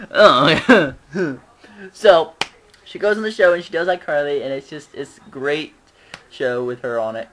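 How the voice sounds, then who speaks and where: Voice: medium pitch, unhurried, a bit bright, slight background noise. A fan recapping a TV episode in a casual vlog, rambling and giggling, with frequent restarts. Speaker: show reviewer.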